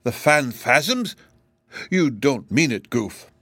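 A man's voice: mid-range voice, normal speed, no room sound, clean studio sound, lightly acted. A man voicing a scheming, anxious gnome king in an audiobook, exclaiming and suspicious. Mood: worried. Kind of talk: audiobook character reading.

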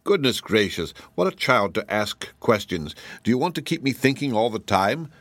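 A man's voice: lowish voice, big pitch swings, moderate pace, fairly bright tone, no echo. A man doing a chiding old dragon father. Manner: chiding and pompous.

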